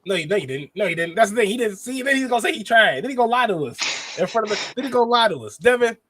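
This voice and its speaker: High-pitched male podcast co-host, teasing and animated, dry close sound. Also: very fast, no room sound. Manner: animated teasing storyteller, laughs often. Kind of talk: casual chat.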